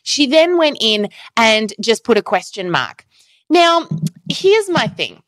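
A woman hosts her own podcast and tells stories with lots of animation, acting out the messages she quotes. Her fairly high voice swings all over its range. The sound is close and dry, with no room around it. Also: big pitch swings, takes it slowly, fairly bright tone, dry recording. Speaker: podcast host. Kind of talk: solo podcast monologue.

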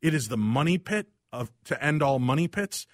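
A man hosting a casual talk show, telling animated, self-deprecating stories about his house. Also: a little high, moderate pace, dry recording, clean studio sound. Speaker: radio show host. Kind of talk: casual chat.

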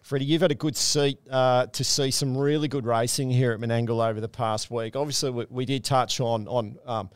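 A man's voice: medium pitch, brisk, few pauses, smooth, no room sound. A middle-aged Australian man hosting a racing podcast, telling stories and bantering casually with his guests. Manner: chatty storyteller, relaxed banter. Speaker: podcast host. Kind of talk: casual chat.

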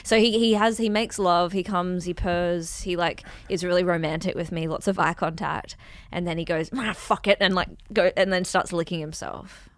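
A woman's voice: fairly low pitch, fairly even intonation, normal speed, no echo. Playful woman co-host. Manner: playful, joking, laughs often. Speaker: podcast co-host. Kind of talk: casual chat.

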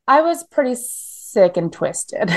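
A woman's voice: fairly high pitch, big pitch swings, slow pace. A woman in her thirties from Canada, telling blunt, profane stories in a casual interview with lots of "like" fillers. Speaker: guest.

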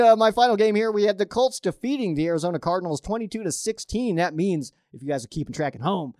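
A man talks through his football predictions in a loose, rambling way, often restarting his sentences. His voice sits a little high for a man, and his emphasis swings up and down. The recording is dry and close, with no room sound. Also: a little mellow, no echo. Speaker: sports podcast host. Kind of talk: casual football picks commentary.

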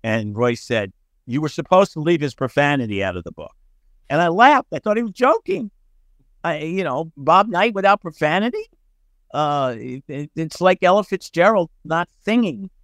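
Animated storytelling man, dry sound. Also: on the high side, moderate pace, dry recording. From United States. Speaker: sportswriter guest. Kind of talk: storytelling podcast interview.

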